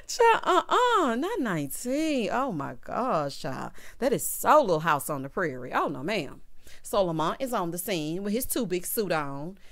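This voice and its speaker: A woman hosting a reality show recap, talking in a sassy, animated way with lots of asides to her viewers. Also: fairly high pitch. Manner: sassy, animated, quotes cast members in voices. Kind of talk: casual recap commentary.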